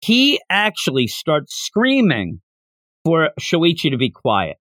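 A man co-hosts a casual manga podcast, his voice on the high side and his pace slow, recorded in studio quality with no echo. He's animated, recapping a chapter and performing the characters' lines along the way.

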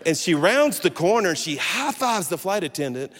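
A pastor telling a lively, jokey story in a sermon, with many restarts. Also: male voice, high voice, moderate pace. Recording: echoey hall.

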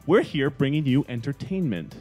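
A man's voice: mid-range voice, very animated, normal speed, warm tone, lo-fi sound, faint music behind. A man hosting a casual podcast, teasing his co-host with laughs and mock-innocent questions.

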